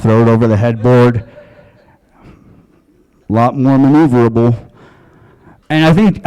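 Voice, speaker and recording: A man's voice: mid-range voice, dark tone, clean tone, rough recording. A man from Long Island doing a stand-up comedy set in a comedy club, crude and offhand. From Long Island, USA.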